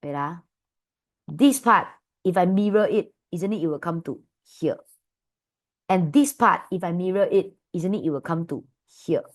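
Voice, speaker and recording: A woman with a Malaysian English accent teaching an online maths class, calling her students "my dear" and asking them quick questions. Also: lowish voice. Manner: affectionate, calls students "my dear"; lively, asks many quick questions. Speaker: maths tutor.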